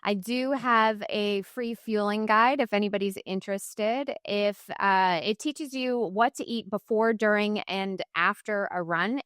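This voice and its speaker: A woman in her forties, a running coach, talking casually as an interview guest, lively and laughing often. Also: medium pitch, clear, resonant tone, no echo, clean studio sound. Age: 40s. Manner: lively, laughs often, acts out quoted voices.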